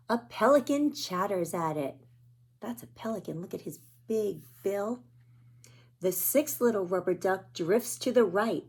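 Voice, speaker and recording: Slow, gentle woman storyteller. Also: medium pitch, breathy edge. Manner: gentle, slow and pointing out pictures. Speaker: children's storyteller. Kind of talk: reading a picture book aloud to children.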